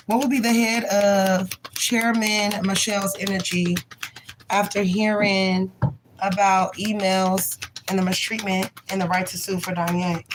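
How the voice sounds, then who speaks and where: A woman's voice: mid-range voice, background noise. Blunt, chatty young woman tarot reader. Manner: blunt, profane and chatty, reading card names aloud; laughs often and voices the people in the cards. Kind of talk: live tarot reading stream.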